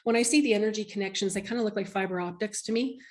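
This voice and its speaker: A woman's voice: mid-range voice, rapid-fire. A woman guest, a medium, telling an emotional personal story in an interview, heartfelt and earnest with many restarts.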